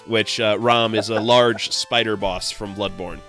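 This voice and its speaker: A man from New England chatting casually while hosting a live game stream, laid-back and quick to chuckle. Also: lowish voice, fairly even intonation, a bit bright, faint music behind. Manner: laid-back, chuckles often, hesitant fillers. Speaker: streamer host playing a game.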